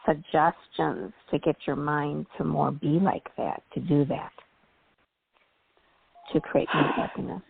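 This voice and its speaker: A woman's voice: on the low side, gravelly, slightly rough, dry recording. A woman calling in to a radio show, asking her question hesitantly with many fillers. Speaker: caller. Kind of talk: call-in question. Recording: telephone line.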